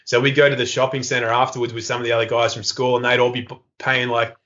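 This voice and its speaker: A man, a podcast guest telling stories in a lively way and acting out the people in them. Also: mid-range voice, quick pace. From Australia. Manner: animated, acts out quoted voices. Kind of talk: casual storytelling interview. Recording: dull lo-fi podcast audio.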